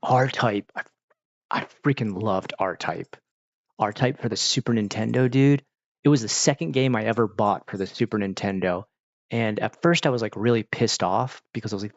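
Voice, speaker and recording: Man, gravelly voice, casual rambling chat, profane, dull dry lo-fi recording. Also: on the low side, moderate pace, no echo. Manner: animated, profane, often jumps into exaggerated voices.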